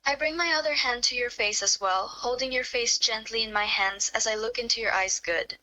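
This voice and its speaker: A woman voicing a smitten young woman in a fan role-play, speaking in a soft, quavering tone. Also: on the high side, fairly quick, low-quality recording. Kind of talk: fan role-play reading, first person.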